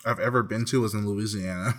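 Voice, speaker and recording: A man co-hosting a casual podcast, cracking dry, low-key jokes. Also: fairly even intonation, a little fast. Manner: dry, quietly joking. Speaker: podcast co-host. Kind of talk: casual chat.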